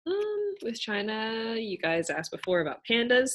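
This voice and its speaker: A young woman answering questions in a casual Q&A, explaining patiently and thoughtfully, often pausing with fillers. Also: on the high side, huge pitch swings, fairly bright tone, a little hiss or hum. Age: young adult. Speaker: student cultural navigator.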